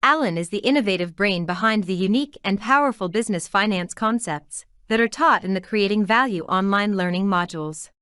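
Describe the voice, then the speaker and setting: A woman's voice: medium pitch, brisk, hardly any pauses, fairly bright tone, smooth, no room sound, clean studio sound. A woman interviewer reading a formal scripted introduction of her guest.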